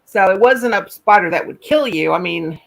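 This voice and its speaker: A woman's voice: medium pitch, expressive, moderate pace, gravelly. Rambling folksy woman telling a story. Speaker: live stream host. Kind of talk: casual chat.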